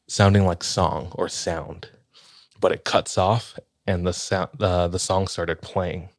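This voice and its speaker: A man with a very deep, low voice tells a spooky tale in a relaxed, rambling way, full of fillers and restarts. At tense moments he sinks to a near hush. The sound is close and dry, with no room echo. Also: takes it slowly. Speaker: storyteller in a podcast-style chat. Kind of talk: casual retelling of a ghost story.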